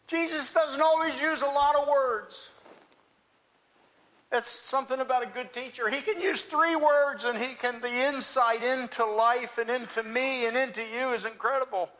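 A man with a very high, sharp voice delivers a first-person dramatic monologue as the apostle Peter, an impulsive, talkative fisherman. He preaches at a moderate pace, telling his story with earnest, searching restarts.

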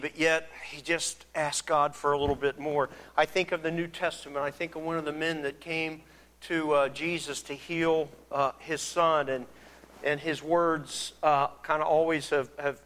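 A man's voice: fairly high pitch, fairly bright tone. A man preaching a sermon in an earnest way, acting out the pleas of biblical figures. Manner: earnest, acts out biblical speakers with rising emotion. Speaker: pastor.

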